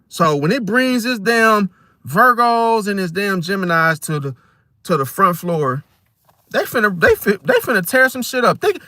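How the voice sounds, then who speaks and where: Casual male vlogger, rambling and profane, slangy delivery; high voice with a sharp edge. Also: no room sound, clean studio sound. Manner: streetwise slang, rambling, animated, swears freely. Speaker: astrology vlogger. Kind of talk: casual monologue.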